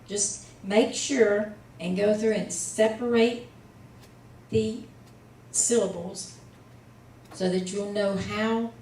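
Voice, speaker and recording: A woman's voice: medium pitch, warm tone, slight background noise. A woman teaching a class, patient and a little tired, coaxing students along with frequent fillers. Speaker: Hebrew teacher. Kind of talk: slow, patient classroom instruction. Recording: echoey room, distant mic.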